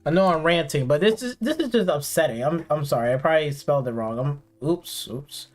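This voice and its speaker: A man's voice: fairly high pitch, animated, brisk, soft background music. A man streaming games, ranting sarcastically and profanely, rambling with many fillers in an exasperated tone. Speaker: gaming streamer.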